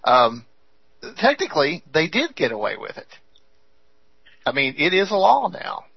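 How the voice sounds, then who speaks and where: A man's voice: a little high, very animated, unhurried, vocal fry, breathy edge, dry recording, highs cut off. A man co-hosting a political radio talk show, wry and agreeable.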